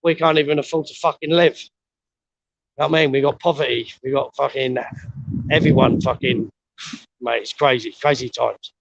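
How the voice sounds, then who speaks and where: A man's voice: medium pitch, fairly even intonation, normal speed, creaky, pauses often, no echo, muffled recording. A middle-aged man out of breath, talking casually and bluntly with lots of swearing while walking up a steep hill outdoors, recorded on a handheld phone. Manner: blunt, swears a lot, rambling. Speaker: vlogger.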